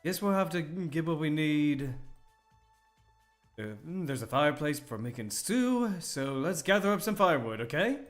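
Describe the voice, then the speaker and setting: A man's voice: fairly high pitch, animated, normal speed, faint music behind, close to an everyday voice. A man reading aloud the lines of an upbeat young man from a cabin game.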